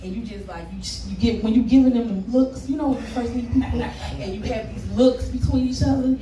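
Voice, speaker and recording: A woman's voice: a little high, fast talker, warm tone. A woman performing spoken word poetry live at a poetry event, rhythmic, blunt and profane, with laughing asides to the crowd. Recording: echoey room, distant mic, background noise.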